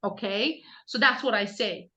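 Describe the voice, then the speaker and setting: A woman's voice: medium pitch, measured pace, pushed and bright. A woman team leader coaching her recruiters on a group video call, talking directly and insistently with many restarts.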